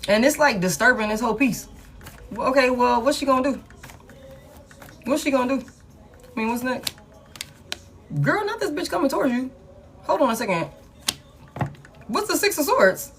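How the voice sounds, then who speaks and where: A woman's voice: on the high side, animated, moderate pace, long pauses, a bit bright. A woman, chatting casually to her viewers as she reads tarot cards aloud in a live stream. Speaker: tarot reader.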